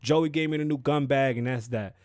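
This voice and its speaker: A man voicing a brash, streetwise female rapper who talks loud and blunt. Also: mid-range voice, fairly quick, dry recording, clean studio sound, lightly acted. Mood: bossy.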